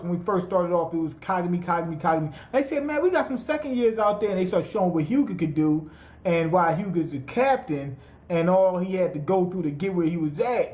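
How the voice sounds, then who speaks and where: A man's voice: high-pitched, echoey room. A man giving a casual, profane recap of an anime episode, acting out the characters' lines as he tells it. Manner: animated, profane storytelling with acted-out quotes. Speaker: anime reviewer.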